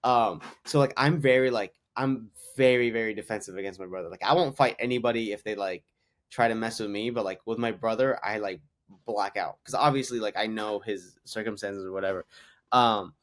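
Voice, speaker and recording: A man's voice: lowish voice, fairly quick. Rambling young man telling stories. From Canada. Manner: rambling anecdotes, heavy use of "like". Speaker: guest comedian. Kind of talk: casual podcast storytelling.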